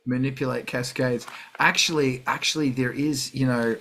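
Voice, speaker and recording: A man's voice: medium pitch, steady tone, measured pace, bright, forceful tone. A middle-aged man hosting a music livestream, talking casually and ranting with heavy swearing.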